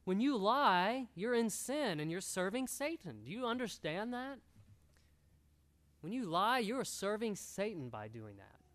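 Lively high-pitched preaching pastor. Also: male voice, unhurried. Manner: earnest, exhorting, repeats key phrases. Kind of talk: sermon. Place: church room.

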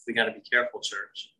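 A man preaching a sermon as pastor, earnest and conversational, often dropping to a hushed voice. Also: medium pitch, creaky, far from the mic, low-quality recording.

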